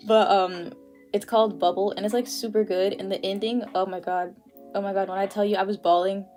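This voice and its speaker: Drawing on her art livestream, a young woman keeps up casual chatter packed with fillers and regular laughter. She talks briskly in a mid-range, darkish voice with a flat delivery, over faint background music.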